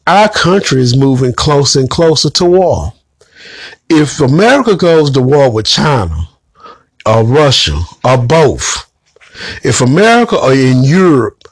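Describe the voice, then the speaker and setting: A man's voice: medium pitch, breathy edge, no echo. A man giving an emphatic, preachy commentary monologue straight to his audience. He calls his listeners family and swears bluntly. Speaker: online commentator.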